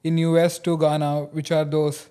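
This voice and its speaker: A man's voice: fairly high pitch, monotone, moderate pace, mellow, clean tone. A man hosting a casual interview, asking questions and giving short listening sounds. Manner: brief backchannels, asks questions. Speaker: host.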